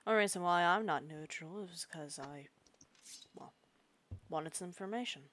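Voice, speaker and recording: A woman with a fairly low voice speaks in character in a group roleplay. She is cynical and dry. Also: normal speed, crowd noise.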